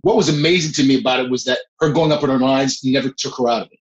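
Brief: middle-aged man, reflective and animated storyteller, mid-pitched voice, relaxed interview tone. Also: rapid-fire, dull audio. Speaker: guest actor.

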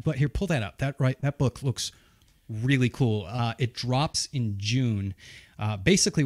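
Speaking in a medium-pitched, slightly mellow voice, a man with a New England accent hosts a show from a studio. He casually works through announcements in a loose, rambling, joking way, correcting himself along the way.

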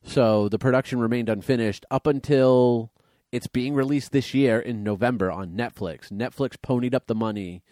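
A man's voice: medium pitch, moderate pace, warm tone, no room sound, clean studio sound. A man co-hosting a casual movie podcast, rambling a little and reading trivia aloud. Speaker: podcast co-host.

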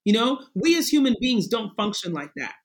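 A woman in her forties, a guest in a conversational interview, talking in an animated, emphatic way and acting out little voices as she goes. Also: fairly high pitch, brisk, rough recording.

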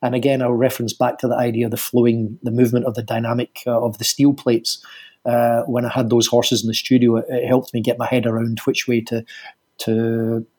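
A middle-aged Scottish man with a husky voice, a sculptor being interviewed, speaking in a hesitant way with many fillers and restarts. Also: medium pitch, monotone, brisk, darkish tone. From Scotland. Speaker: sculptor guest. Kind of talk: conversational interview.

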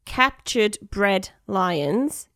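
A woman's voice: medium pitch, expressive, extremely slow, a bit bright, dry recording, studio quality. A woman hosting a casual podcast chat, retelling a news story and often breaking into giggles. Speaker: podcast host.

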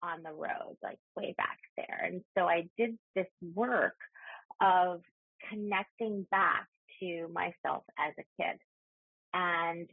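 Woman talking slow and thoughtful, gravelly breathy voice, sounds like a phone line. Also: on the low side. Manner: reflective, slows down when emotional. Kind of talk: podcast conversation.

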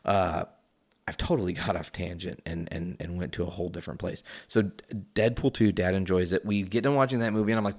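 A man's voice: low-pitched, steady tone, quick pace, a little mellow. A man hosting a casual solo podcast from his house, rambling and profane as he wanders off on tangents. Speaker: podcast host.

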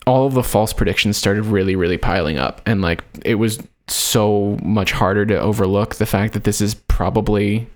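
Male podcast host, somewhat deep, loose rambling storyteller. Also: fairly even intonation, moderate pace, few pauses, darkish tone. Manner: rambling, many fillers like "like" and "um". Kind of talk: casual chat.

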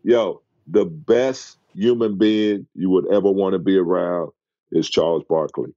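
A middle-aged man telling stories as a podcast guest, acting out quotes excitedly. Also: unhurried, dry recording, muffled recording. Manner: excited storyteller who acts out quotes in a high voice. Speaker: guest, former basketball player. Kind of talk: animated storytelling in a podcast interview.

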